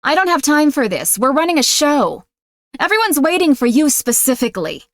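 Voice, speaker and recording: A woman playfully voicing a stern, domineering female taskmaster who mock-yells orders at her audience. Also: high voice, sing-song, moderate pace, no echo, voice pushed up. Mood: imperious. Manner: mock-yelling, imperious scolding. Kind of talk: playful role-play on a livestream.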